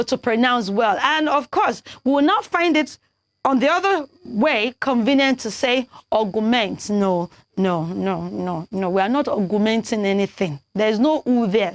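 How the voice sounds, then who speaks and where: Nigerian woman, young, children's TV teacher, high bright voice, dry close sound, coaxing and lively. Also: no room sound. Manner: animated, coaxing, spells words letter by letter. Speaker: children's TV presenter. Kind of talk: teaching English pronunciation to children.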